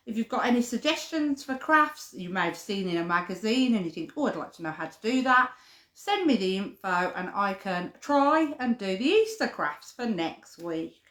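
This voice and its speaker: A woman's voice: on the high side, a bit bright. A woman, a playgroup leader, hosting a live-streamed children's session in a chatty, sing-song way aimed at toddlers and their parents. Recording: echoey room.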